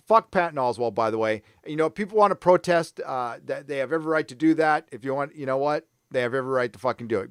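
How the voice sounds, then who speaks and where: In a dry, studio-quality recording, a slightly high male voice belongs to a middle-aged live show host. Angry and profane, he rants as he works through comments from his viewers.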